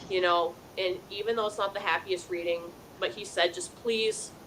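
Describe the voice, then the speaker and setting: A woman's voice: lowish voice, steady tone, brisk, fairly bright tone, slight background noise, poor audio. A woman hosting a live call-in psychic show, earnestly passing on messages from the dead in first person, with a chatty "you know" style. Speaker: psychic medium host.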